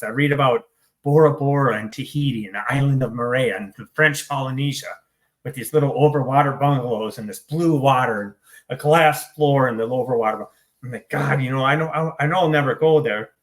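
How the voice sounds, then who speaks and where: A middle-aged man from the United States, telling his own recovery story in an interview, blunt and swearing, self-deprecating. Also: mid-range voice. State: choked up. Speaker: interview guest, author in recovery.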